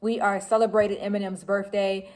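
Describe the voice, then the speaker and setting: A woman in her forties from Detroit telling a personal story to camera in a casual, animated way, laughing and breaking into shrieks as she relives it. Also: medium pitch, brisk. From Detroit, Michigan, US. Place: home room with laundry behind.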